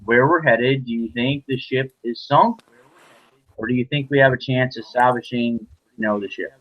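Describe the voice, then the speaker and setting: Husky earnest man on lo-fi chat. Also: medium pitch, moderate pace. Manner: earnest, keeps steering back to the topic. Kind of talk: casual discussion.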